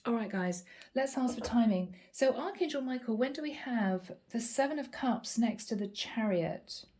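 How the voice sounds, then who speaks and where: This woman from Ireland reads tarot in a channeled, chatty manner, elongating words to make a point. Her pitch is on the high side, with lively intonation and a dark tone.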